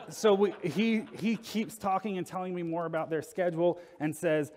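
A man's voice: fairly high pitch, steady tone, brisk, few pauses, a little mellow. Laughing man telling a story in a reverberant space. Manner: laughs through the telling, acts out quoted exchanges. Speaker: storyteller in a documentary. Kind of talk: casual anecdotal retelling.

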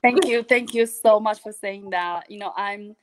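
A woman, a guest on a live video interview, telling stories in an animated, earnest way with many restarts. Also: medium pitch, measured pace, slight background noise. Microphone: video call.

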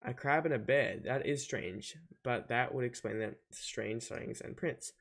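A man's voice: mid-range voice, a little slow, gravelly, breathy edge. Man reading as a stern penguin spy chief. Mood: businesslike. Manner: plain read-aloud game dialogue. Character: serious penguin agency chief, male.

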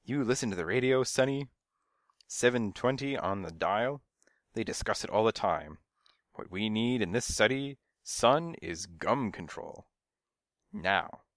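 A man's voice: fairly low pitch, animated, measured pace, a bit bright, dry recording, studio quality. A man voicing a nosy, fussy old woman who scolds and gossips from her windowsill in a storybook reading. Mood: scolding. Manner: fussy, scolding, hard of hearing.

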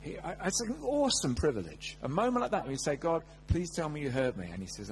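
A man's voice: on the high side, brisk, a little hiss or hum, rough recording. A man preaching a sermon, telling personal stories with humor and acting out quotes. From England. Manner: animated, humorous, acts out quotes.

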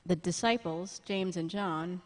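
A woman pastor preaching a sermon in a church, lively and humorous, with asides to the congregation. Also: fairly low pitch, measured pace, big-room sound. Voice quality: blind, jokes about herself.

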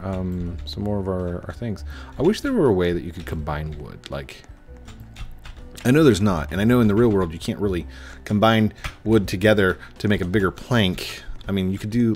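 Slow, low-voiced rambling gamer man. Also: darkish tone, slight background noise. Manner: rambling, chatty, trails off and restarts often. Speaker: gaming video host. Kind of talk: casual gameplay commentary.

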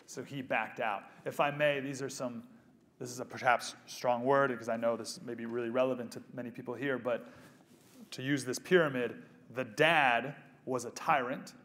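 A man in his thirties giving a live motivational speech to an audience. He is animated and jokes with the crowd, then drops to a soft, hushed voice. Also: mid-range voice, moderate pace. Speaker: speaker at a pro-life event. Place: event venue with a live audience.

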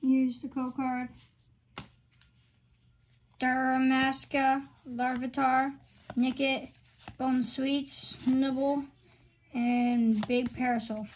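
A woman's voice: sits high, little pitch movement, very slow, pauses often, a little mellow, a little hiss or hum. A woman hosting her own channel, giving casual commentary as she reads off items one by one in short phrases. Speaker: channel host. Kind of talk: casual card-opening commentary.

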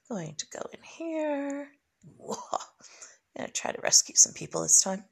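A woman's voice: a little high, very animated, measured pace, vocal fry, long pauses, fairly bright tone, slightly rough. A young woman giving chatty, joking commentary while playing a video game and muttering to herself. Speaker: gamer recording a playthrough. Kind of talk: casual gameplay commentary.

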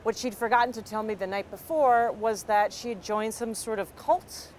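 A woman from Canada telling a personal story with an animated, self-deprecating comic delivery. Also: fairly high pitch, normal speed, a little hiss or hum.

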